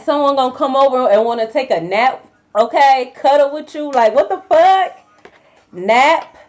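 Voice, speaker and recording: A young woman giving a casual tarot reading to her viewers, blunt and profane, full of slang. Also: sits high. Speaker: tarot reader. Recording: dull lo-fi recording.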